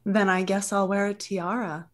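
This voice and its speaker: A woman's voice: medium pitch, little pitch movement, moderate pace. A woman playing her character in a tabletop role-play, playful and teasing. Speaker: player.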